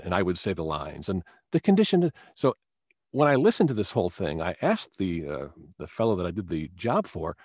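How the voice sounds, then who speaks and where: A man's voice: sits low, husky, dry recording, clean studio sound. A man who works as a voice actor, telling stories as a guest in a casual interview. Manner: storytelling, animated, with quick restarts.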